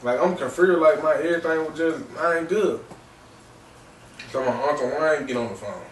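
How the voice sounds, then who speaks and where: A man hosting a podcast, recounting a personal story in a halting way, repeating phrases and filling gaps with "man" and "you know.". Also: fairly high pitch, slight background noise. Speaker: podcast host. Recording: roomy distant mic with faint ambience.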